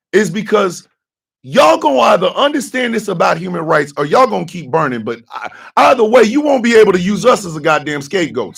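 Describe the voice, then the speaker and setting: A man from the United States hosting a radio morning show, giving fiery, profane commentary that bursts into shouting. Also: high voice, vocal fry, breathy edge.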